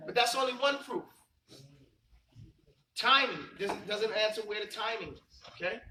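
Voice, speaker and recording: A man's voice: sits high, normal speed, sharp tone, reverberant, far from the mic, slight background noise, low-quality recording. A man teaching a religious class, quizzing his students and stressing key points. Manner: quizzing students, emphatic and repetitive. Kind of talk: classroom lesson with call and response.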